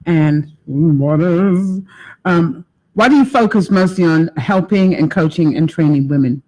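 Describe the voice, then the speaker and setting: A woman's voice: lowish voice, unhurried, darkish tone. A woman hosting an interview as a life coach, who affirms and echoes her guest's words. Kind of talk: interview conversation.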